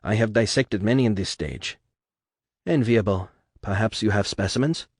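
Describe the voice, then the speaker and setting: A man's voice: lowish voice, normal speed, breathy edge, no echo, studio quality. A man doing a clipped German-accented woman scientist. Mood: detached. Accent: German and Eastern European. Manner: clipped, clinical. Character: cold young female scientist, detached and odd.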